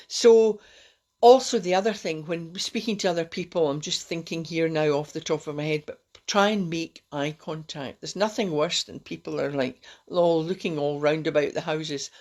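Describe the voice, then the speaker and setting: A woman's voice: deep voice, darkish tone. A middle-aged woman, hosting a rambling, encouraging self-help talk on a live stream. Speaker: host.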